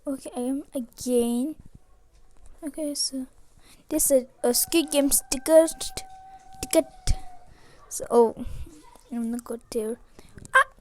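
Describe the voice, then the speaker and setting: A woman playing a video game, reacting with frequent excited exclamations and gasps. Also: sits high, slow, long pauses. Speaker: game player. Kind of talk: gaming commentary.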